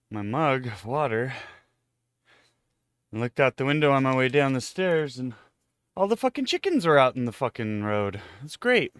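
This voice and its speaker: A man streaming a game live, out of breath and chatting casually, sighing and laughing softly, sometimes turning from the mic. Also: medium pitch, clear, resonant tone, no room sound. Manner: chatty, self-deprecating, sighs and laughs softly.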